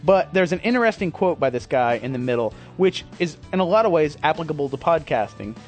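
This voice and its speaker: A man talking through a casual podcast monologue, rambling and poking fun at himself, with a voice pitched a bit higher than most men. He swears freely as he goes, and faint music sits under his voice. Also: animated, fairly quick. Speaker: podcast host.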